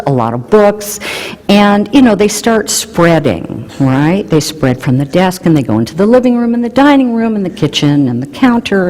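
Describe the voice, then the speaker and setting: A woman explaining relationship research in an animated way, mixing in playful personal anecdotes. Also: low voice, long reverb tail. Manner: animated, warm storytelling with playful emphasis.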